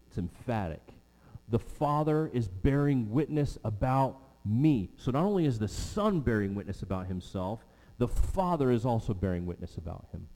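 A man's voice: mid-range voice, expressive, moderate pace, warm tone, long reverb tail. A man preaching an expository sermon, stressing key words and repeating his main lines.

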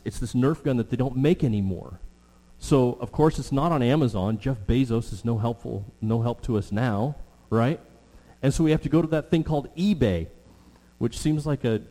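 A middle-aged man preaching a sermon with earnest, drawn-out emphasis and frequent fillers. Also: mid-range voice, dark tone. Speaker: pastor. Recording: long hall reverb with mains hum.

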